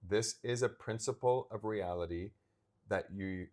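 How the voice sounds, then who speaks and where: A low-pitched man in his thirties tells a personal story on a casual podcast, acting out what people said along the way. He speaks animatedly. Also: measured pace, darkish tone. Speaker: podcast co-host. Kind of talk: casual chat.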